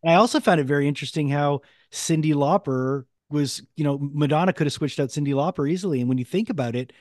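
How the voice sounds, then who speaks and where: A man's voice: on the high side, darkish tone, no room sound, clean studio sound. A man hosting a podcast interview, chatting casually, agreeing often and adding his own opinions. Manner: fast, agreeable, backchannels often. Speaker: podcast host.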